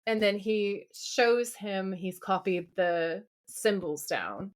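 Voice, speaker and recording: A woman's voice: mid-range voice, slow. Woman co-host eagerly recapping an episode. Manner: lively retelling, acts out the characters' lines. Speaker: podcast co-host. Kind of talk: casual chat recapping a TV episode.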